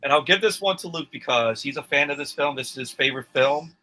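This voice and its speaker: A man's voice: a little high, fast, pushed and bright, poor audio. A man acting as quizmaster, reading trivia questions in a plain, matter-of-fact way during casual chat.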